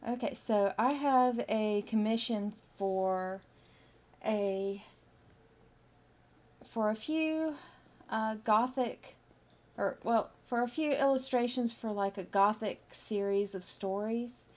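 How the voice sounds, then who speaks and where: A middle-aged woman chatting casually with her stream viewers as she draws, musing slowly with lots of fillers. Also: fairly high pitch. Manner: slow, musing, with many fillers. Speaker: artist streaming while drawing. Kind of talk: casual chat with live viewers.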